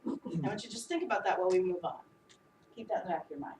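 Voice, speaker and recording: A woman preacher giving a sermon, animated and humorous as she acts out the disciples. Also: lowish voice, racing, slight background noise. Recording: echoey room, voice from a distance.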